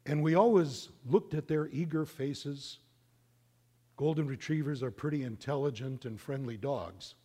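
A middle-aged man preaching a sermon, telling a story in an animated, conversational way. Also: mid-range voice, measured pace, slightly rough. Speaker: pastor.

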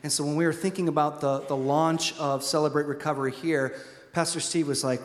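Hesitant pastor in a reverberant church. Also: male voice, on the high side, steady tone, fairly quick. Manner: hesitant, many fillers. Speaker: church pastor, introducing the guest. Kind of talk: introduction from the pulpit. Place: church hall. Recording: roomy church hall with long reverb.

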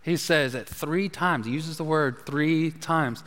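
A man's voice: fairly high pitch, takes it slowly, a bit bright. A man preaching a sermon as pastor, emphatic and repetitive, often restarting his phrases. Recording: long hall reverb.

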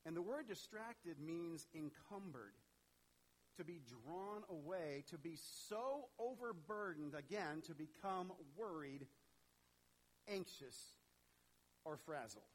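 A man preaching a sermon in an animated, conversational way, talking straight to his congregation. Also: on the high side, slow pace, poor audio. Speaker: pastor.

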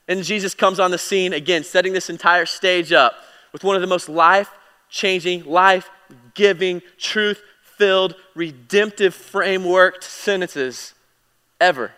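A man delivers a Bible teaching with a bright, smooth, resonant voice, slightly higher than most men. He talks casually, correcting himself as he goes, then grows emphatic on key points. The sound carries a long hall-like reverb. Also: a little slow. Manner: conversational, with fillers and self-corrections; emphatic, swinging louder and quieter. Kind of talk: sermon teaching.

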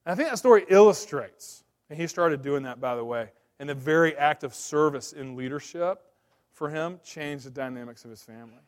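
A man in his thirties preaching a sermon as pastor, swinging between loud, urgent emphasis and quiet, confiding asides. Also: fairly high pitch, lively intonation, brisk.

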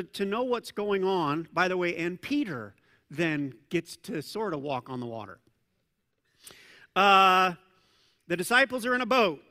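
High bright-voiced pastor guy, chatty animated sermon, big echoey church hall. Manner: conversational, animated preaching with asides and self-corrections. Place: church sanctuary. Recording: long reverb of a large church hall.

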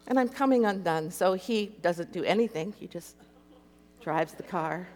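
A woman's voice: lowish voice, expressive, normal speed, a little mellow. A woman telling an emotional personal story to an audience and acting out the voices in it. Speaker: speaker sharing a personal story. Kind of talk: animated personal testimony to an audience. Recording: echoey hall reverb.

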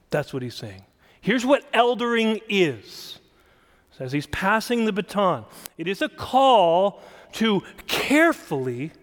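Emphatic male preacher in a reverberant hall. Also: high voice. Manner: emphatic expository preaching, stressing single words. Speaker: pastor. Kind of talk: sermon.

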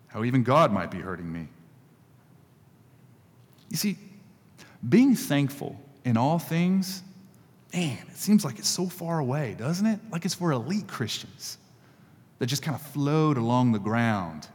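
A man's voice: medium pitch, big pitch swings, unhurried, long pauses, long reverb tail. A male pastor giving a conversational sermon, repeating key phrases for emphasis.

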